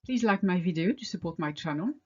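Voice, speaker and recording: A woman teaching a pronunciation lesson, drilling example words one at a time with slow, careful delivery. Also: on the low side, animated, dull audio. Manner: slow, deliberate word-by-word drilling. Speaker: French teacher.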